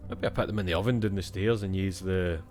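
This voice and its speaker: A man's voice: low voice, steady tone, fast talker, a little mellow, soft background music. A young Scottish man playing a video game and thinking aloud in casual, swear-filled commentary. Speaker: gaming streamer.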